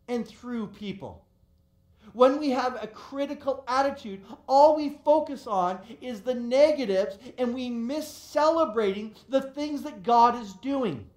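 Pastor, mid-range voice, earnest sermon delivery, repeats lines for emphasis, reverberant church hall. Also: mid-range voice. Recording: roomy echo of a hall.

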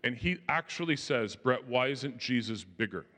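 A man speaking to a crowd from a stage, his voice carrying a long echo through a large hall. He tells his story with animated, self-deprecating humor and jumps into the voices of the people he quotes. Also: mid-range voice, moderate pace. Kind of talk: storytelling talk to an audience.

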